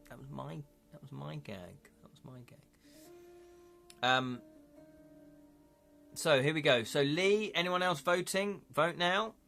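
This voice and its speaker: A man's voice: on the high side, a bit bright. Playful British man hosting a live gamebook. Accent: British English. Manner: playful, jokey and chatty. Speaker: host and narrator of a live interactive gamebook. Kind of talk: live-stream narration with chat voting.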